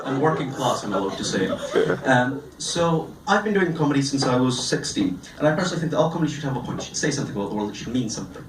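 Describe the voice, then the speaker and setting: An eighteen-year-old man doing a stand-up comedy set on a club stage, delivering deadpan one-liners with pauses. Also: mid-range voice, noisy background. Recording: roomy live club sound from a distance.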